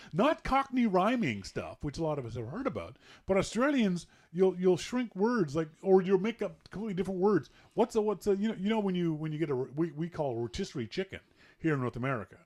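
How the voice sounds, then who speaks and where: A man's voice: high-pitched, darkish tone. A middle-aged man with a Canadian accent, hosting a casual podcast chat, joking and mock-exasperated. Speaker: podcast host.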